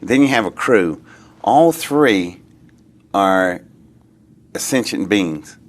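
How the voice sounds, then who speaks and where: A man being interviewed, telling a long story in a rambling, excitable way that often trails off and starts again. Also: fairly low pitch, very slow. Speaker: interviewee recounting an experience.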